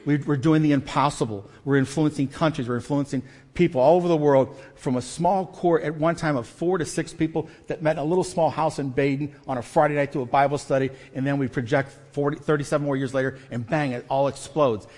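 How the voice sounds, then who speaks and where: A man preaching a sermon as pastor, emphatic and dynamic, shifting between loud stresses and quiet asides with self-deprecating humor. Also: a little high, fairly even intonation, a little fast, few pauses. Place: church sanctuary. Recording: long church reverb.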